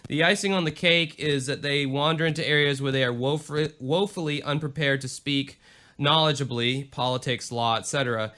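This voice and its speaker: Bright-voiced young man, casual podcast chatter. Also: a little high, steady tone, normal speed. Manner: self-deprecating, swears freely, says like a lot. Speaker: podcast co-host. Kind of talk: casual podcast chat, reading reviews aloud.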